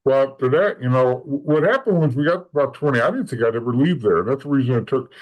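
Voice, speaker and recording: A man's voice: mid-range voice, expressive, quick pace, low-quality recording. A man talks through his story as a podcast guest, in a casual, unpolished way that keeps circling back. He is blunt and matter-of-fact, stumbles into restarts and doubles up words, and has a voice that sits in the middle of the range. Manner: rambling, with many restarts and repeated words.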